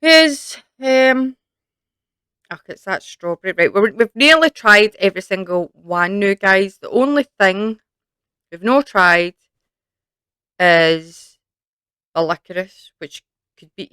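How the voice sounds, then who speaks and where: A woman's voice: mid-range voice, unhurried, long pauses, bright, forceful tone, clean tone, dry recording. A young woman with a Scottish accent chatting casually to camera in a Q&A, rambling with lots of fillers. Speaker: YouTube creator.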